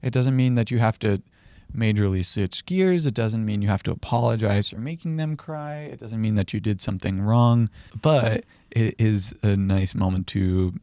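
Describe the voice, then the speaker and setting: Calm low-voiced man explaining gently. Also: moderate pace, dry recording. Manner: calm, explanatory, acts out gentle example phrases. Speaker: psychiatry educator. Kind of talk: conversational teaching.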